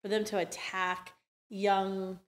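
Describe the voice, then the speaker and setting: A woman's voice: mid-range voice, little pitch movement, takes it slowly. A woman hosting a podcast interview, chatty and opinionated, with many "like" fillers. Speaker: host.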